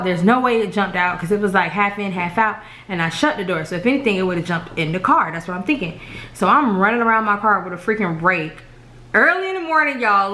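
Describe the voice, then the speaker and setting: Excitable woman telling a story. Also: medium pitch. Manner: excitable, rambling, addresses viewers as y'all. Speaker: family vlogger. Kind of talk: animated storytelling to camera.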